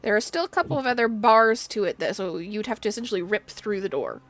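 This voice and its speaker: A woman running a tabletop role-playing game as game master, describing the scene in an unhurried way. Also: mid-range voice, lively intonation, a bit bright.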